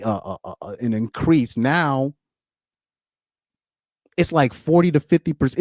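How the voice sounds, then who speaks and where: A man's voice: medium pitch, darkish tone, no room sound. Rambling male streamer, dry close sound. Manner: rambling, repeats words, laughs often. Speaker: commentary streamer. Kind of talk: casual live-stream commentary.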